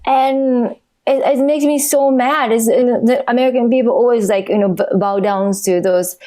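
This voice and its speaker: A woman's voice: fairly high pitch, fairly even intonation, moderate pace, mellow. A woman who is a podcast guest, chatting frankly and animatedly in English with non-native phrasing and frequent laughs. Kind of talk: casual podcast chat.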